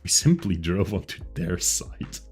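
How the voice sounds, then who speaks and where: A man's voice: deep voice, sing-song, unhurried, a little mellow, breathy edge, faint music behind. A man from Flanders, chatting casually on a livestream in a rambling, self-mocking way. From Flanders, Belgium. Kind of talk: casual chat.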